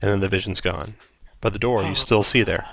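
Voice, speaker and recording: A man's voice: sits low, fairly even intonation, fairly quick, creaky, a bit bright, dry recording. A man running a tabletop game as dungeon master, narrating scenes descriptively with occasional fillers.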